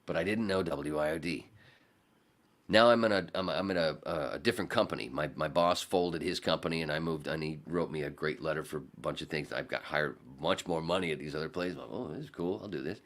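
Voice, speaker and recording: Brief: a male podcast guest, animated and profane storyteller, low and bright. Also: fairly quick. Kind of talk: casual storytelling chat.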